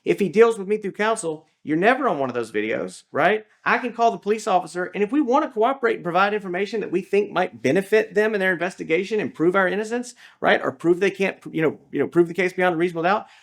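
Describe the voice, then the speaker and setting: A man's voice: high-pitched, expressive, quick pace, hardly any pauses. A man, a lawyer talking through legal advice in a casual, storytelling way with many fillers and restarts.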